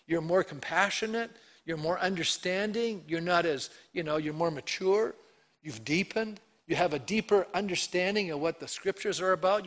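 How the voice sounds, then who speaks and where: A male pastor preaching a sermon in a conversational way, acting out the voices he quotes with lively shifts. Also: high-pitched.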